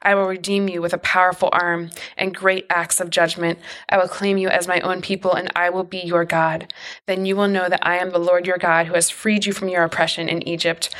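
A solemn, commanding divine voice makes firm declarations, as a woman reading scripture gives it voice. The tone is low and even, with little rise or fall, and it carries a steady weight throughout. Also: a little fast, close to an everyday voice.

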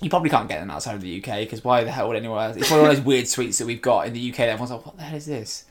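A man's voice: medium pitch, racing. A British man co-hosting a podcast, chatting casually, rambling and trailing off into jokes. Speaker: podcast co-host. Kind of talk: casual chat.

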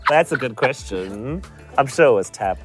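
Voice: medium pitch, animated, moderate pace, soft background music. A co-host in a casual chat, reacting with disbelief and teasing questions.

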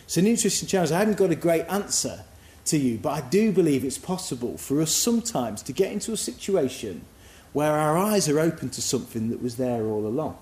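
A man's voice: on the high side, very animated, fairly quick, a little mellow, echoey room. A man giving a sermon in a reflective, musing, conversational way. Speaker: preacher.

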